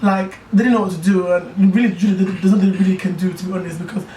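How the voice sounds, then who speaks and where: A young man tells a personal story to friends in a loose, animated way, often turning to his listeners to make sure they follow. He is recorded from a little way off in an echoey room, with a faint hiss behind him. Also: high-pitched, fast talker, recorded from a distance. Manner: animated, chatty, keeps asking "do you know what I mean". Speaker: YouTuber telling a personal story. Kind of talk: casual storytelling chat.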